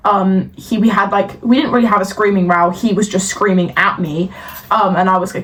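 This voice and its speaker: A woman's voice: mid-range voice, steady tone, moderate pace. A young woman co-hosting a podcast, ranting in exasperation with lots of ums and fillers. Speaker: podcast co-host. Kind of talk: casual chat. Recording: distant mic, faint noise.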